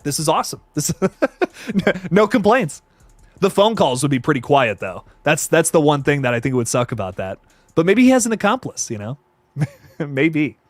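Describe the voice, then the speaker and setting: A young man hosting a livestream, excitedly chatting about a horror movie and answering viewer comments, swearing freely. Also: a little high, no room sound. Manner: excitable, profane, reads chat comments aloud. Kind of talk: casual livestream chat.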